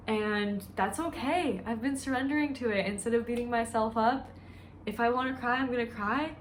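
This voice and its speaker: A woman's voice: fairly high pitch, fairly even intonation, unhurried, fairly bright tone, slight background noise. A woman who works as a dietitian, talking candidly and emotionally in a chatty personal vlog.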